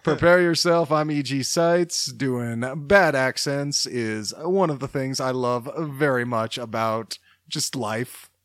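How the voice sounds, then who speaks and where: A man's voice: mid-range voice, slow pace, few pauses, a bit bright, dry recording. Playful man co-hosting a podcast, dry sound. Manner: jokey, playful, enthusiastic. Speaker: podcast co-host. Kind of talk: casual movie podcast banter.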